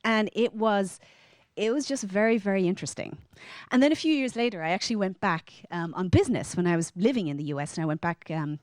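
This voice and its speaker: A middle-aged woman with an Irish accent, telling a personal story to a live audience in a lively, animated way. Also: quick pace, no echo. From Ireland. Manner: lively, animated, acts out quoted lines in a higher voice.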